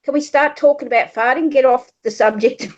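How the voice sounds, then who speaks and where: A woman's voice: high voice, moderate pace. An Australian woman chatting casually, laughing often and teasing the others. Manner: laughing, teasing, self-mocking. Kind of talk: casual chat. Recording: dull lo-fi sound.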